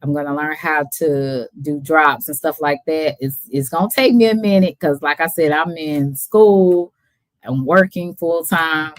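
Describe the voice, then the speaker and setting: Laid-back woman streamer, low voice. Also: unhurried, dry recording. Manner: laid-back, chatty, laughs often. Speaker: livestream host. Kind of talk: casual livestream chat.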